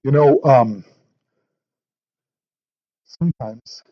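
A man's voice: mid-range voice, very slow, no room sound, muffled recording. A male pastor preaching verse by verse in an earnest, thinking-aloud way, often repeating words as he goes. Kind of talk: verse-by-verse sermon.

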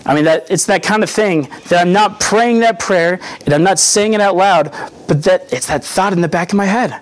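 A young man delivers a sermon in a slightly higher-pitched voice. He keeps it earnest and conversational, teaching more than proclaiming, and slips into little acted-out quotes along the way. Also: normal speed. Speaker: preacher.

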